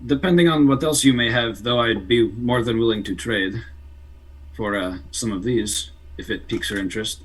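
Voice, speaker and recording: A man voicing a polite, slightly halting potion-selling cleric in a put-on Russian accent. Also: mid-range voice, lightly acted, poor audio. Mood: bargaining.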